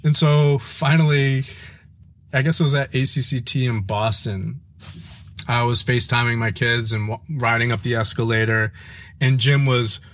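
A man chatting as a podcast guest, telling personal stories in a casual, animated way that sometimes halts and restarts. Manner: animated, playful, jumps into high voices mimicking his kids; halting, with frequent restarts when reflective. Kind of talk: casual conversational storytelling.

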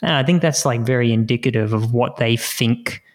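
A man's voice: medium pitch, normal speed. A man co-hosting a podcast, talking casually with sarcastic humour and rambling points.

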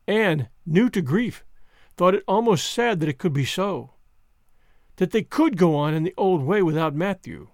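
Man, audiobook narrator, measured and gentle, high voice, dry close recording. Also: dry recording. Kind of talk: scripted narration.

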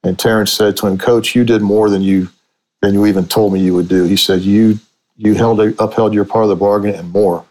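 Middle-aged man, low voice, sportswriter, relaxed storytelling, frequent restarts. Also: a little fast, rough recording. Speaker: sportswriter and book author. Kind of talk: conversational storytelling.

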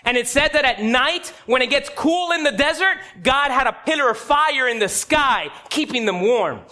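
A man's voice: extremely high pitch, lively intonation, moderate pace, bright, forceful tone. A man preaching a sermon in a church, telling stories with emphasis and asking the congregation direct questions. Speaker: pastor.

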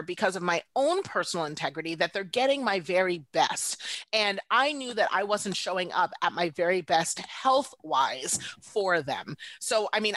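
A middle-aged woman, a podcast guest, telling a personal story in casual conversation and jumping into high mock voices. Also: a bit bright, no room sound.

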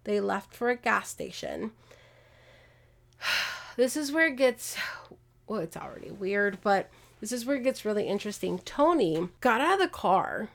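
A woman hosting a podcast, casually retelling a true-crime case with animated, exasperated asides. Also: mid-range voice, normal speed, vocal fry. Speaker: podcast host.

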